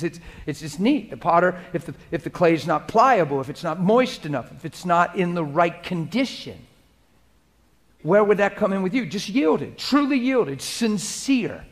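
A man preaching a sermon as pastor, swinging between loud exhortation and hushed, conversational prayer. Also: high-pitched, expressive, normal speed.

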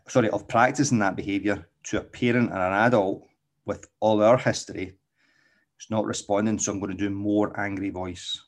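A man hosting a podcast as a dog trainer, explaining casually and tagging nearly every point with "okay?", with frequent restarts. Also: lowish voice.

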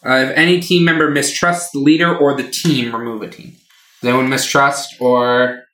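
Bright-voiced man running a game. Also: medium pitch, fairly even intonation, normal speed, slight background noise. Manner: loose, rambling narration with fillers. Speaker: game master. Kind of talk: narrating a tabletop game. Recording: roomy, from a distant mic.

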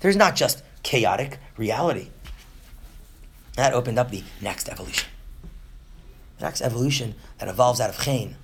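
A man's voice: mid-range voice, background noise. A man in his thirties teaching a class on Jewish texts, who keeps checking in with "right?" and acts out short voices. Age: 30s. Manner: animated, often asks "right?", acts out quick voices. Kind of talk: lively lecture to a class.

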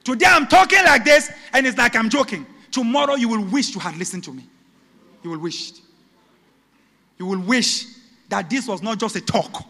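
A male pastor, preaching a sermon that swings between shouted peaks and hushed, low passages. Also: in a large hall.

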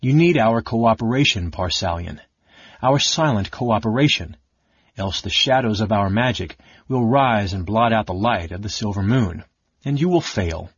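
A man voicing a proud female dark sorceress who speaks low and coldly with a sneer. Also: animated, moderate pace, breathy edge, no room sound, dull audio.

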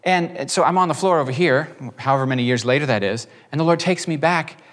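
Male preacher guest, higher voice, animated storyteller, long-reverb room. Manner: animated, acts out quotes, quick bursts. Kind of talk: storytelling testimony in conversation.

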